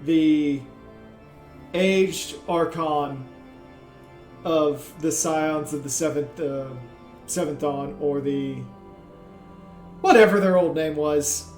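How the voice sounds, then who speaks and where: A man narrating as game master in a tabletop game, unhurried and filling gaps with "like". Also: a little high, darkish tone, echoey room, faint music behind. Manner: unhurried, with frequent "like" and trailing pauses.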